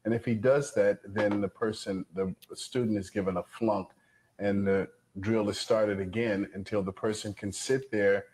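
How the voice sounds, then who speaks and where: A man with a lowish voice plays the coach in an old drill demonstration. He speaks slowly and mockingly. His taunts are meant to provoke the student. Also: darkish tone, poor audio.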